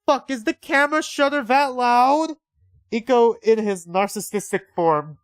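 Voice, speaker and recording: A man's voice: extremely high pitch, a little slow, clear, resonant tone, dry recording. Young guy streamer swearing and ranting at a story game, dry close sound. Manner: profane, emotional outbursts. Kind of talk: game livestream with reactions and read-aloud narration.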